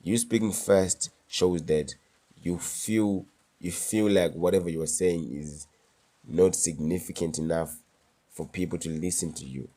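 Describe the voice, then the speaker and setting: Male vlogger, low voice, mellow tone, slangy and emphatic, casual advice delivery. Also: measured pace. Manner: slangy, emphatic, repeats key words.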